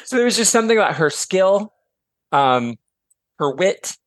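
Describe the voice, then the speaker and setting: A podcast guest who is an author and teacher chats casually, telling stories full of digressions with some casual swearing. His voice sits high and sing-song at a normal speed, recorded dry.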